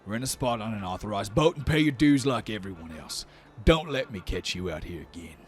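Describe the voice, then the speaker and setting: A man's voice: fairly low pitch, animated, a little fast, faint music behind, natural voice. A man voicing a huge, stern male minotaur city guard who barks curt, disapproving orders in a tabletop game.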